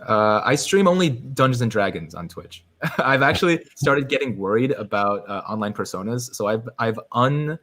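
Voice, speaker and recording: A man's voice: medium pitch, lively intonation, moderate pace, a bit bright. A man chatting casually as a podcast guest, rambling with lots of fillers and restarts.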